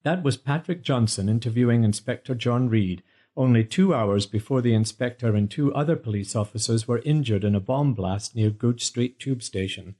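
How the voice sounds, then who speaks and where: A formal television newsreader reading a bulletin, put on by a man. The delivery is measured, with a mellow tone. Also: mid-range voice, close to an everyday voice.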